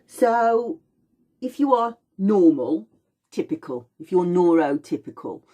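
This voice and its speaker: A woman's voice: fairly low pitch, big pitch swings, takes it slowly, dark tone. A middle-aged woman teaching about aromatherapy in an informal, explanatory way, acting out little voices and sounds as she goes.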